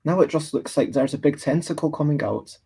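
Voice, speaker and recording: A man's voice: fairly high pitch, a little fast, gravelly, mellow, breathy edge. A Scottish man drawing on a livestream, chatting casually and thinking aloud as he reads and answers comments from the chat. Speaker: livestreaming artist.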